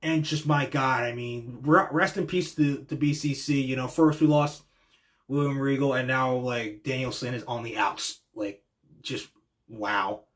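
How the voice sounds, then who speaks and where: A young man hosting a podcast, giving an excited, casual reaction monologue that swears freely and acts out quotes in voices. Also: mid-range voice, moderate pace. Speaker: podcast host reacting to wrestling.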